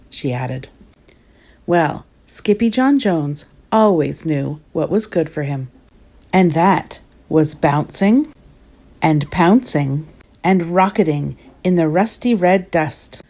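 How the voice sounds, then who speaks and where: Woman reading a children's storybook aloud. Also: measured pace. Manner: lively, voices the characters with big pitch jumps. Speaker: storybook reader. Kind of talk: children's picture book read-aloud.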